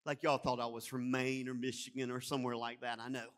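A pastor from Alabama with a Southern accent, preaching a sermon and moving from folksy stories to loud, rising exhortation. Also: male voice, medium pitch, level tone, brisk. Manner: builds from quiet storytelling to loud preaching; folksy, calls the congregation y'all.

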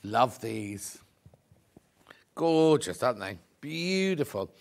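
A man's voice: medium pitch, sing-song, slow, gravelly. A man presenting fabrics on a live shopping show, chatty and effusive, thinking aloud as he goes. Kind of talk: live product demonstration.

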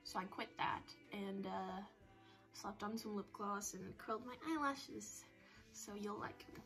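A woman's voice: mid-range voice, unhurried, fairly bright tone, soft background music, poor audio. A teenage girl chatting to camera on a phone for her vlog, rambling and poking fun at herself. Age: teens. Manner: rambling, self-mocking, chatty. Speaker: vlogger. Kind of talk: casual chat to camera.

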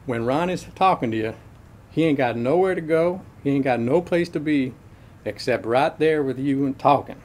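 A man's voice: mid-range voice, darkish tone, close to an everyday voice. A middle-aged man playing a crude, folksy handyman who rambles along in profane slang, in a comedic monologue.

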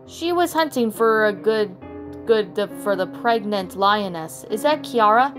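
Storybook villain lioness, scheming and spiteful, read by a woman in a mid-pitched voice, soft music below. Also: lively intonation, unhurried, natural voice. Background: soft background music.

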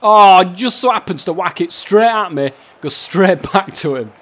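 A man's voice: sits high, lively intonation, unhurried. A gaming YouTuber giving casual, swearing, laughing commentary as he plays a football game. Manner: swears a lot, laughs, shouts at players.

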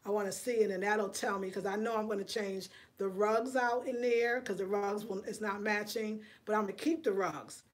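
A woman's voice: medium pitch, steady tone, moderate pace, hardly any pauses. A middle-aged woman, chatting casually on a home decor livestream and greeting viewers by name. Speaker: home decor vlogger hosting a live chat. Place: home living room.

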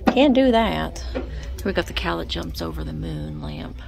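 A woman's voice: lowish voice, huge pitch swings, a little slow, gravelly. A woman vlogging a thrift hunt in an antique mall, chatting casually, talking to the items and slipping into whispered asides. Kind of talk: casual thrift-shopping chat. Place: indoor antique mall with booths. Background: faint store music.

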